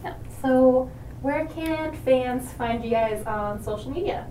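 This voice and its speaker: A woman's voice: high voice, slow pace, mellow, roomy sound, recorded from a distance, slight background noise, rough recording. A woman hosting a podcast in casual chat, laughing often as she talks. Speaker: podcast host.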